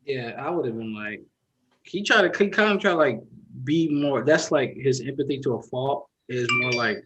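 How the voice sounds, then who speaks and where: A man in a casual chat, animated and jokey, acting out how he would react. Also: medium pitch, moderate pace, slight background noise, rough recording.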